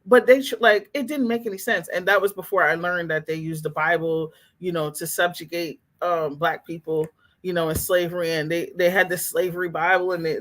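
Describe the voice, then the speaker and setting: Fired-up woman ranting at her chat. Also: lowish voice. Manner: animated, profane, laughing asides, reads chat aloud. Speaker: streamer reacting to chat. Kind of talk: heated casual rant.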